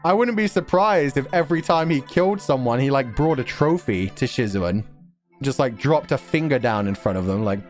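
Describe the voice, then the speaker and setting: A man reading a novel aloud on stream and reacting to it in a giggly, profane, excitable way. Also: mid-range voice, moderate pace. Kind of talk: casual stream commentary and read-aloud. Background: faint music.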